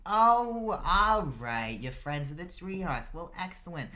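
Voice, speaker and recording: A man's voice: mid-range voice, normal speed, bright, forceful tone, voice pushed up, close to an everyday voice. A man voicing a harried half-orc mother who fusses at her son and welcomes guests. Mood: hospitable. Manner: fussy, scolding then hospitable.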